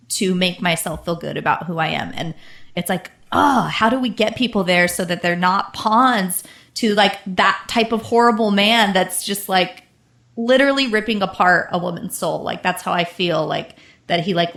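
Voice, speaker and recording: A woman's voice: mid-range voice, gravelly, a bit bright. A woman co-hosting a podcast in casual conversation, emotional and close to tears, with "like" scattered through her speech. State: teary, close to crying. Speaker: podcast co-host. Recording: echoey room.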